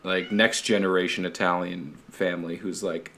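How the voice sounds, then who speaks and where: Laid-back man, low voice. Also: fairly even intonation, normal speed, fairly bright tone, slight background noise. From Canada. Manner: rambling, swears freely, laughs a lot. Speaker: podcast host. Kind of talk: casual chat.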